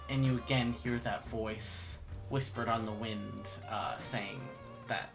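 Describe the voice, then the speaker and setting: A game master slowly narrating a tabletop game's dream scene, pausing often with fillers. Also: mid-range voice, steady tone, creaky, over music. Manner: slow, halting narration with many fillers.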